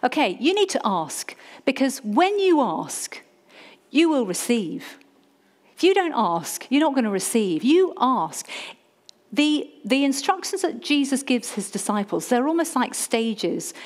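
A middle-aged woman church leader preaching a sermon, animated and humorous, calling on the congregation to repeat key words. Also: high voice, measured pace.

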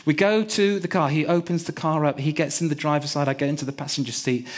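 A man's voice: on the high side, steady tone, quick pace. A man preaching a sermon, telling a personal story and hammering key words through repetition. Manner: emphatic, repeats key words.

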